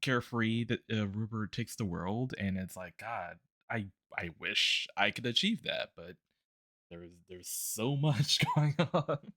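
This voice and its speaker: A man's voice: lowish voice, unhurried, fairly bright tone, dry recording, studio quality. A man streaming while drawing, chatting casually about a tabletop game character, rambling with lots of fillers, restarts and laughs.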